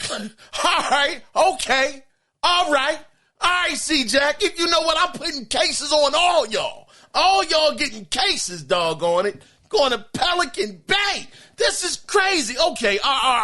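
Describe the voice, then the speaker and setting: Male podcast host reading listener mail, lively swinging pitch, bright voice, keeps exclaiming and stammering. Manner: animated, exclaiming, laughing, stammering. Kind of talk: casual podcast chat reading listener email.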